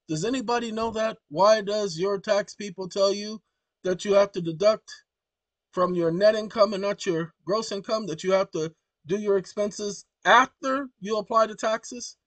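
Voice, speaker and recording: A man hosting his own channel, talking to viewers in an animated, exclaiming, colloquial way. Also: sits high, moderate pace, no room sound. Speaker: channel host. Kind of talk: casual commentary to viewers.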